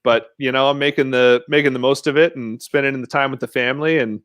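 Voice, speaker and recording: A man's voice: mid-range voice, fairly even intonation, fast talker, a bit bright, no room sound, clean studio sound. A man telling stories as a podcast guest in a laid-back, casual way, with frequent fillers. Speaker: podcast guest, mountain bike rider. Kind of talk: casual interview chat.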